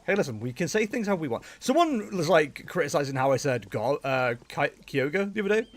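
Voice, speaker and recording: During a casual livestream, a man plays a game and keeps up animated chatter with viewers and in-game characters, laughing a lot. His voice is a little high, moving at a moderate pace.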